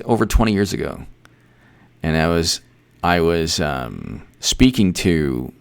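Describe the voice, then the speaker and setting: A man hosting casual political commentary, rambling and repeating himself, with animated asides. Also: low-pitched, creaky, clear, resonant tone.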